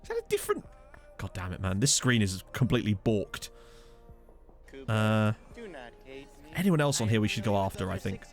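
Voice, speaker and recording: This man's voice is on the low side and creaky, swooping wildly in pitch at a moderate pace with long pauses. He streams a football management game with faint music behind, casually joking with viewers and answering their chat into a desk USB condenser microphone.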